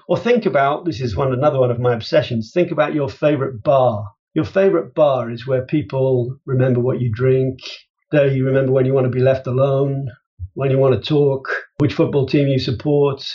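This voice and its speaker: A man speaking as an interview guest, telling lively stories and acting out quotes with big jumps in pitch. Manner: animated storyteller, jumps high in pitch for emphasis and quotes. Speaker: guest, business author. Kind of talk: conversational interview. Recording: dull lo-fi sound.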